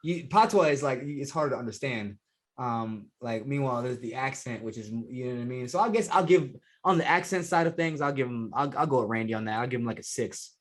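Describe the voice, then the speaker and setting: A man's voice: mid-range voice, lively intonation, fairly quick. A young man with a Jamaican accent, guesting on a podcast and talking in a loose, laid-back way full of slang and fillers. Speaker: guest, professional fighter. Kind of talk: casual podcast interview.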